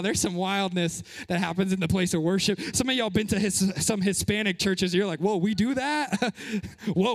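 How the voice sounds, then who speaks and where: A young man preaching a sermon as pastor, lively and joking, slipping into playful voices and short of breath. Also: high-pitched, long reverb tail. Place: church sanctuary.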